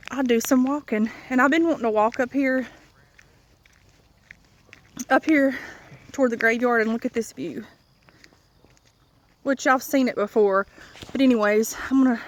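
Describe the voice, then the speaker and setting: A woman chatting casually to her viewers while walking outdoors on a country road, out of breath and rambling in a confiding way. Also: a little high. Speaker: vlogger.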